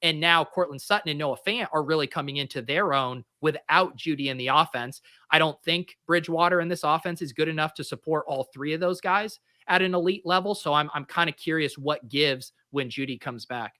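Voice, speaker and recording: A man's voice: on the high side, brisk, few pauses, pushed and bright, no echo, studio quality. A man co-hosting a sports podcast, talking analytically in a casual way. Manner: conversational, analytical. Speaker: podcast co-host.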